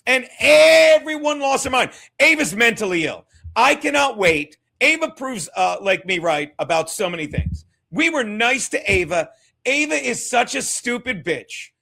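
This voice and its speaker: High-voiced ranting male streamer. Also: sing-song, unhurried, vocal fry. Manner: profane, rambling, mocking; repeats himself, shouts at times. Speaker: streamer host. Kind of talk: ranting live stream commentary.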